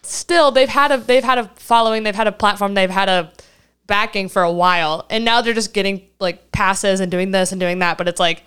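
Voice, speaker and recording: A woman's voice: mid-range voice, fairly even intonation, fairly quick, a bit bright, smooth. A young woman co-hosting a casual podcast, talking in a heated, emphatic way and laughing often. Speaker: podcast co-host.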